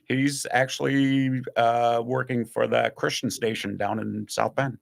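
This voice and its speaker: A man in a relaxed podcast conversation, spinning one anecdote after another. His voice sits at an ordinary middle pitch. He keeps slipping into quick impressions of the people in his stories. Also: gravelly. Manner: animated storyteller who acts out other people's voices. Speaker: podcast guest or host recalling stories. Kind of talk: casual podcast chat, storytelling.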